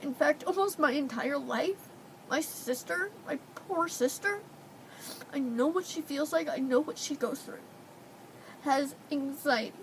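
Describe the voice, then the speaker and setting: A young woman talks into her camera at home, her high voice thick with tears and sniffles. She pleads with her viewers between breaths. A faint hum of the room sits underneath. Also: a little slow, low-quality recording. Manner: tearful, pleading. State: crying, sniffling. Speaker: vlogger. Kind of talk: emotional personal vlog. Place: indoors at home.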